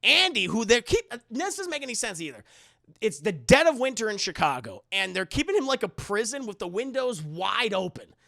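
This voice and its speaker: A man streaming a casual, rambling film recap to his chat, animated and swearing a lot, close to the mic. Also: high voice, fairly quick, creaky, no room sound.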